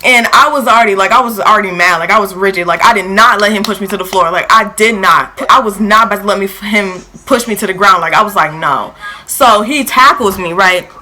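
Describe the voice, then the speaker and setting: A young woman telling a storytime vlog in a lively, filler-heavy way, acting out quotes, with features. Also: mid-range voice, fairly quick, a little hiss or hum, rough recording. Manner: animated, filler-heavy retelling with acted quotes. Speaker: vlogger.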